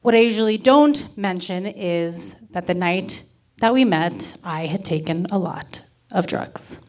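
Woman in her thirties from Miami, live storytelling; wry, candid, deadpan delivery. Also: lowish voice, measured pace. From Miami, Florida. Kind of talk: personal story told to a live audience.

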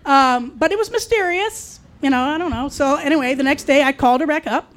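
High-voiced woman telling a wry story. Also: fairly quick. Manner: wry, conversational, deadpan asides. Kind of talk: personal storytelling.

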